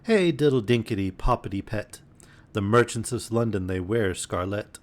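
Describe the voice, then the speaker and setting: A man's voice: on the low side, moderate pace, close to an everyday voice. A man voicing a chorus of tiny cheeky mice that chant their songs in a sing-song way. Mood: singsong.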